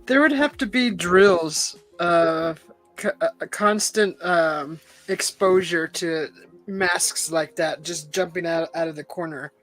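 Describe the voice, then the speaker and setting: A woman's voice: on the low side, slow pace, faint music behind, rough recording. A woman hosting a casual chat, reacting with sympathy and asking curious follow-up questions. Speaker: host.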